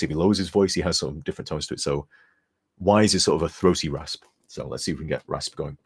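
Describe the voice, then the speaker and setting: Chatty low-voiced, husky man streaming. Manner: chatty, rambling, reads donor messages aloud. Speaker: streamer and modder. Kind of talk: casual live-stream chat.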